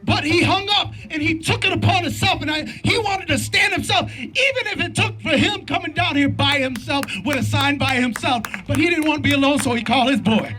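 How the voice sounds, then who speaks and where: A man's voice: very high-pitched, fairly quick, few pauses, bright, forceful tone, faint music behind. A middle-aged man giving an impassioned rally speech at a street protest, fervent and repetitive with a preacher-like cadence. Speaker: protest speaker. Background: faint crowd.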